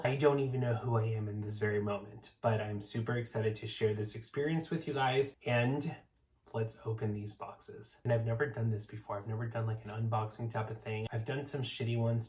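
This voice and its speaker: A man hosting his own podcast, talking casually to camera, nervous, excited and swearing freely. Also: on the low side, recorded from a distance. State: shaky and close to tears. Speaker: podcast host. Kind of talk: casual vlog talk to camera.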